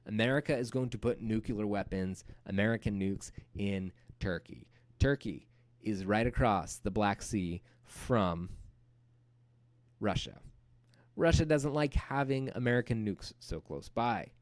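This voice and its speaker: A man teaching a recorded history lecture in a casual, lively storytelling way. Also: lowish voice, unhurried. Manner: casual, animated storytelling with playful acted-out quotes.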